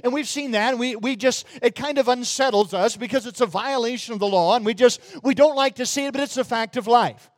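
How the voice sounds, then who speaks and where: A Southern man delivering a sermon in an unusually high voice. He preaches emphatically, drawing out and lifting the lines he quotes. The sound is dry and close, with no room around it. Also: fairly quick, few pauses, no echo. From Mississippi, USA.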